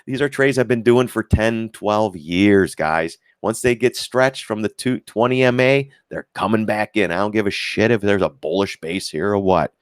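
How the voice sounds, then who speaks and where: Blunt, low-voiced male trading streamer. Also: moderate pace, few pauses, clear, resonant tone, no echo, clean studio sound. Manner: blunt and profane, addresses viewers as guys; lively, mocks critics in put-on voices. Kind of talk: casual live-stream chart commentary.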